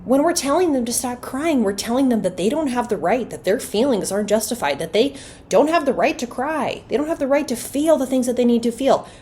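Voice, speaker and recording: A woman's voice: on the high side, animated, brisk, warm tone, slight background noise. A woman hosting a solo podcast on parenting, talking earnestly and conversationally and asking her listeners rhetorical questions. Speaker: podcast host.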